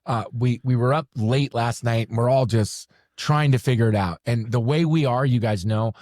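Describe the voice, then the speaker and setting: A man's voice: medium pitch, moderate pace, a little mellow, no echo, studio quality. A man from California on a podcast, chatting and recounting a day step by step. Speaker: podcast co-host. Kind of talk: casual storytelling chat.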